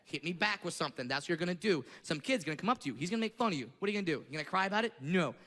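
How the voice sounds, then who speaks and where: A man voicing a gruff, tough-love athletic father who coaches his son in a blunt, commanding way, performed on a stage with crowd noise behind. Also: high voice, lively intonation, very fast, sharp tone, pitched below the performer's own voice. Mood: coaching, stern. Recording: reverberant theater with crowd noise.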